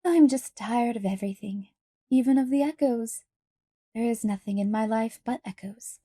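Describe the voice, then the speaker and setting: A woman's voice: on the high side, moderate pace, dark tone, no echo, clean studio sound, natural voice. A woman reading an audiobook, voicing a wistful, whimsical middle-aged lady who sighs and lingers dramatically over her words. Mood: weary.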